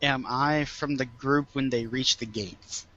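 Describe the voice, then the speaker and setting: A man's voice: medium pitch, steady tone, a little slow, pushed and bright, muffled recording. A man playing a tabletop game, talking casually in a goofy way. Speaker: player.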